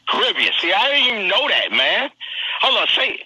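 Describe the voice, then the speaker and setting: A man hosting a live streamed interview, talking in an energetic, slangy hype style and repeating himself a lot. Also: sits high, normal speed, breathy edge, low-quality recording. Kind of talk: hyped casual live interview.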